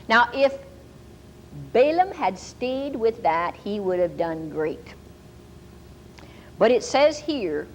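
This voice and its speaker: Animated woman preaching with stories. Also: on the high side, slow, pauses often, slight background noise, rough recording. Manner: animated, laughing storyteller. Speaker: Bible teacher. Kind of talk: storytelling sermon.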